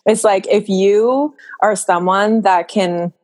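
A woman guest in a candid podcast conversation, speaking in a slow, dreamy, drawn-out way. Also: mid-range voice, fairly even intonation, a little mellow.

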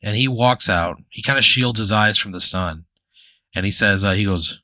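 A man's fairly low, bright voice, with a forceful edge, narrates an improvised tabletop game he is running as game master, loosely and chattily, with lots of "like" and "you know." He speaks at a moderate pace in a dry, close recording with no room sound.

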